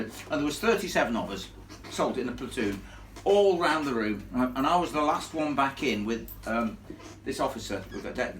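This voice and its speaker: A man telling a ghost story live to an audience, in a blunt, animated way with plenty of salty asides. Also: medium pitch, slight background noise. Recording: echoey room filmed from far off.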